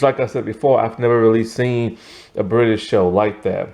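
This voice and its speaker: A man's voice: mid-range voice, creaky, darkish tone. A man giving a casual, rambling TV review, tired and yawning, full of asides and fillers. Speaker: TV show reviewer.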